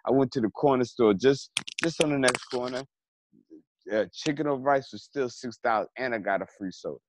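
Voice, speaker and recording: A man's voice: medium pitch, fairly quick. A man in casual conversation who tells a story with energy and acts out both sides of an argument. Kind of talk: casual chat. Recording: slightly dull, faint background noise.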